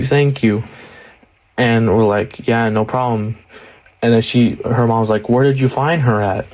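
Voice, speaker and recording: A young man tells a story in a casual way. His voice sits a little low, and he rambles, leaning on fillers as he goes. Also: a little mellow. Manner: rambling, heavy on fillers like "like" and "you know".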